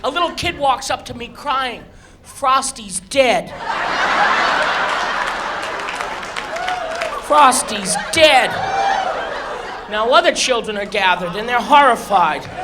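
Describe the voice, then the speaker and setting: A man from Massachusetts performing live stand-up comedy, telling animated stories with shouted squeals and acted-out voices. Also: very high-pitched, moderate pace, few pauses, heavy background noise. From Massachusetts, USA. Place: comedy club stage. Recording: live club recording with crowd. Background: audience laughter.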